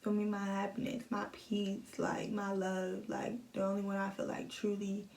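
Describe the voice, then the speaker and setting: A young woman vlogging a personal story into her phone, emotional and halting, often repeating herself. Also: medium pitch, completely flat delivery, vocal fry, a little mellow, a little hiss or hum. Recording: echoey room, phone set at a distance.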